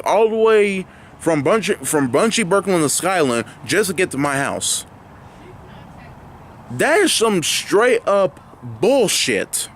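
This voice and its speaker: A man's voice: high voice, slight background noise. A young man vlogging outdoors near his home, ranting indignantly and rambling with lots of fillers and restarts. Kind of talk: angry ranting vlog.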